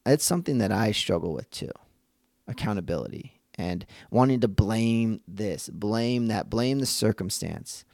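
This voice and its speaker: A man's voice: lowish voice, lively intonation, a little slow, gravelly, darkish tone, dry recording, clean studio sound. A man hosting a podcast for dads, talking in an earnest, reflective way, often restarting his sentences and acting out the voices of people he quotes. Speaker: podcast host. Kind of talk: casual reflective monologue.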